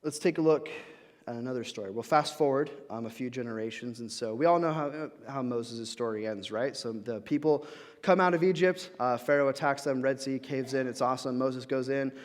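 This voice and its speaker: A man's voice: mid-range voice, brisk. A young adult man giving a guest sermon in a church, talking casually with frequent fillers and restarts. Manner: conversational, many fillers and restarts. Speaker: guest speaker. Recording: reverberant church hall.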